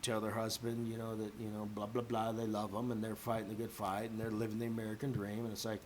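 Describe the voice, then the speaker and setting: A man's voice: on the low side, completely flat delivery, fast, a little mellow. A man ranting on his own in a loose, profane, rambling way, full of fillers, with faint noise behind him. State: a little drunk. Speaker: vlogger. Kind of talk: rambling audio rant.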